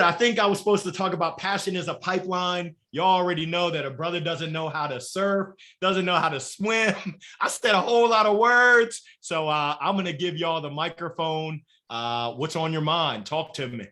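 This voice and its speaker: A man giving an energetic motivational talk as a guest, casual and salty, laughing at his own stories. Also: fairly high pitch. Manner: energetic, swearing, laughing, animated. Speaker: guest speaker. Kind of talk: motivational talk on a live show.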